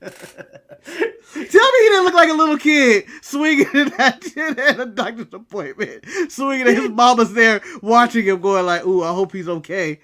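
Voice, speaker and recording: A man's voice: extremely high pitch, expressive, normal speed, pushed and bright. A man from the United States co-hosting a casual wrestling recap podcast, ranting and joking in a brash way. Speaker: podcast co-host.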